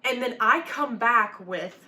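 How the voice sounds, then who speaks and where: Bright, chatty young woman youth speaker. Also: fairly high pitch, slow. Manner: chatty and animated, frequent "like" fillers. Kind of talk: casual youth sermon with storytelling.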